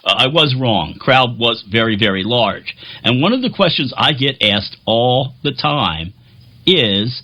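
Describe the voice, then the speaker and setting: A man's voice: mid-range voice, lively intonation, unhurried, pushed and bright, highs cut off. A man who plays keyboards in a band, telling a rambling, jokey, self-deprecating vlog story.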